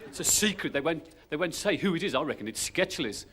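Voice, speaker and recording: A man's voice: on the high side, lively intonation, fast, a loud crowd. A man doing a live stand-up routine, chatty and wry, throwing in tag questions and asides. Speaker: stand-up comedian. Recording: loud hiss of an old VHS stage tape.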